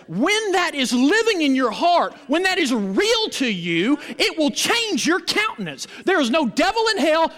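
High-voiced preacher in an echoing hall. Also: male voice. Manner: call-and-response preaching, animated and emphatic. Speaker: pastor. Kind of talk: sermon. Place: church.

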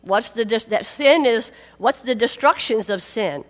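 A woman's voice: a little high, a little slow. A woman preaching a sermon, emphatic and repeating key phrases for weight. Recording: long hall reverb.

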